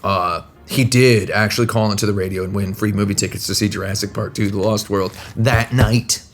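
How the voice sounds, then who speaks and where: Speaking briskly in a fairly low, fairly even voice, a man spins rambling stories on a hotel-room live stream, restarting often and cracking himself up. Soft music plays in the background, and a laptop mic captures him.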